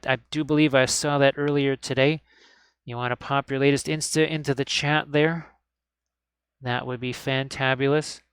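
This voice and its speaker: A man's voice: on the high side, smooth, dry recording. A man teaching miniature painting on a live stream, talking casually and cheerfully while he works and often urging viewers to look closely. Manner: chatty and upbeat, often repeating "look at this". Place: indoor hobby desk.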